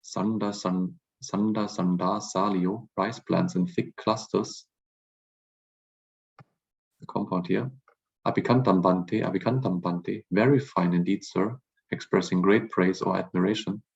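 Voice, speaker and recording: A low-voiced, husky man lectures through a word list, saying each term twice before he glosses it. The sound is muffled and lo-fi. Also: steady tone. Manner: repeats each word slowly, then glosses it. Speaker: language teacher. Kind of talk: lecture reading vocabulary aloud.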